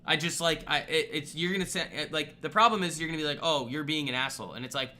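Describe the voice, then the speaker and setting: A man's voice: on the high side, fast talker, sharp tone. A man hosting a live trading stream, ranting bluntly and with exasperation at viewers' poor trades. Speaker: trading livestream host.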